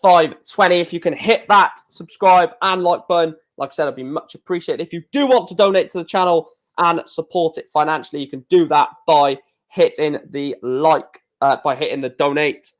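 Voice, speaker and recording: A man hosting a casual live stream, talking in an excitable, rambling way with many restarts. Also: fairly high pitch, moderate pace, few pauses.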